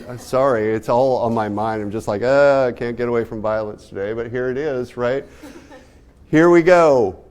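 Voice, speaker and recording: A man's voice: medium pitch, darkish tone. A man giving a casual art history lecture, talking to students and asking them many rhetorical questions. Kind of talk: classroom lecture.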